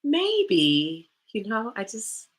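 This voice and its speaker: A woman's voice: medium pitch, huge pitch swings, extremely slow. A woman hosting a livestream for women, talking bluntly and confrontationally with many rhetorical questions. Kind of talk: livestream talk.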